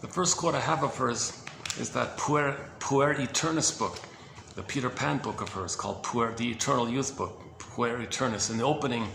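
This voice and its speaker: Gravelly low man rambling in echoey room. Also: normal speed. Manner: meandering, self-correcting, chuckles softly. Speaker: host presenting quotes. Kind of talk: casual rambling talk. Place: indoor room. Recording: echoey room with background noise.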